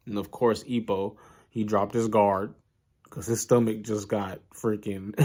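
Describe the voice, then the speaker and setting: A man casually recapping an anime in a relaxed, slangy way, full of asides and fillers. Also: on the low side.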